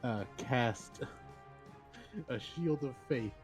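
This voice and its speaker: A man playing a tabletop game, speaking haltingly with fillers. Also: mid-range voice, music in the background. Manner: halting, fillers between words. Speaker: player. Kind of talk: casual tabletop play.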